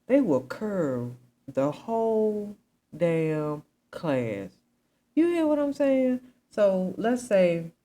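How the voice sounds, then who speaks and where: Slow-talking low-voiced woman host. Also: warm tone, poor audio. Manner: rambling, asks the audience questions, many asides. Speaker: commentary host. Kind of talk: casual commentary chat.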